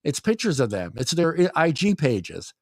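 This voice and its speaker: A man's voice: on the high side, big pitch swings, normal speed, breathy edge, no echo, studio quality. A man hosting a casual panel chat over a video call, loose and joking and laughing often. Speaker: show host.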